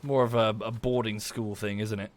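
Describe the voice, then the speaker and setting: Lowish and steady, this man's voice moves at a normal speed. He streams games with an Estuary English accent from southern England, chatting casually during play, thanking viewers by name and muttering swears at the game.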